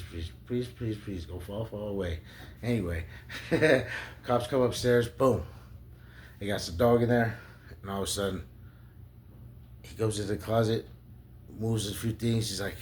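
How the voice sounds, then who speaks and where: A young adult man telling a rambling, profane story in a casual, animated way. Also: fairly low pitch, a little hiss or hum.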